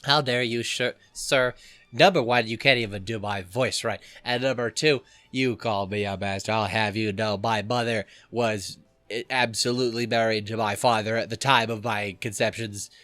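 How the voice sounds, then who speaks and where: A man's voice: fairly low pitch, steady tone, moderate pace, sharp tone, no echo. A man voicing an indignant, pompous male house cat in a huffy, mock-formal way.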